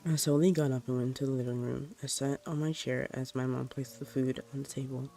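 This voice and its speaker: A man narrates a spooky first-person tale in a mellow, dark-toned voice. His delivery is plain and unhurried, with soft music playing faintly underneath. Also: mid-range voice, fairly even intonation, gravelly. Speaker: storyteller. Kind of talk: reading a horror story aloud.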